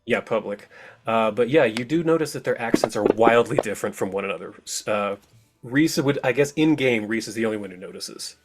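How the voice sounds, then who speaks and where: A man runs a tabletop game, narrating in a relaxed, chatty way. His voice sits at a middle pitch, with faint music behind him. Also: a little fast. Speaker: game master.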